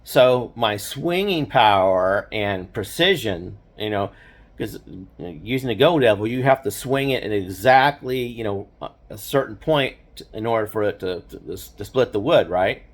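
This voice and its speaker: A man's voice: lowish voice, expressive, normal speed. Older guy rambling thru an old story, lots of you know and right, chuckles a bunch. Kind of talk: casual spoken reminiscence.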